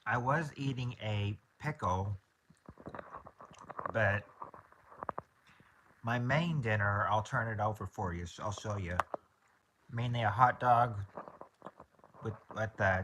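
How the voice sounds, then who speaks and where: Easygoing young man, lowish voice. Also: takes it slowly, pauses often, noisy background. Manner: easygoing, repeats and restarts phrases. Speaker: host of a casual livestream. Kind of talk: casual chat.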